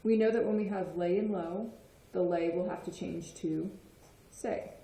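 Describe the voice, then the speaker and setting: A woman's voice: fairly low pitch, fairly even intonation, measured pace, gravelly, dark tone. A woman explaining Spanish grammar in a patient lesson, often checking in with "okay?". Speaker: Spanish teacher. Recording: echoey room.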